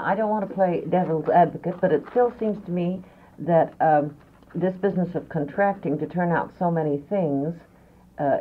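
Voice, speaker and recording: A woman on a radio panel who raises her points hesitantly and searches for her words. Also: deep voice. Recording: narrow 1950s radio archive.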